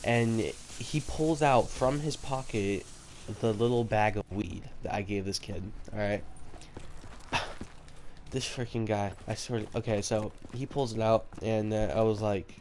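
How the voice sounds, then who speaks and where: A man's voice: lowish voice, fairly even intonation, normal speed, a little mellow, slight background noise. A man telling a personal story in a casual, rambling way, correcting himself often and using many fillers. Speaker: gaming vlogger telling a story. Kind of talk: casual storytelling over gameplay. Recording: game audio and clicks behind. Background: game announcer, gunfire, keyboard clicks.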